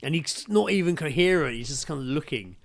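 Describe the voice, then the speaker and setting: A young man co-hosting a podcast, excitedly retelling film scenes with heavy swearing. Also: fairly high pitch, a little fast, vocal fry. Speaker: podcast co-host. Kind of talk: casual chat.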